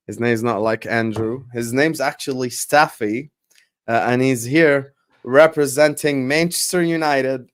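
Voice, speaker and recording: A man hosting a casual football podcast, introducing guests with playful hype. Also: mid-range voice. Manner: hyping introductions, playful banter. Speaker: podcast host.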